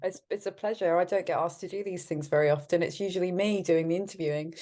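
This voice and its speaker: An art curator appears as a guest in an interview, a woman with a lowish, warm voice who talks quickly. She's friendly, laughs often, and restarts her sentences a lot.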